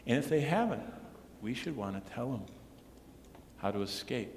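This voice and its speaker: A male pastor delivers an earnest sermon in a big church sanctuary, his voice ringing with a long, roomy reverb. He swings between firm declarations and low, hushed emphasis, with a faint murmur of the room behind him. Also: expressive, normal speed, gravelly, slight background noise. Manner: earnest preaching, dropping to hushed tones for emphasis.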